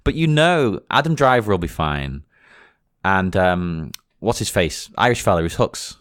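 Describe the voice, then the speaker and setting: A man's voice: low voice, sing-song, unhurried, fairly bright tone, no echo, clean studio sound. A man co-hosting a podcast, chatting casually and playfully, laughing often. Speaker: podcast co-host. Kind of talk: casual chat.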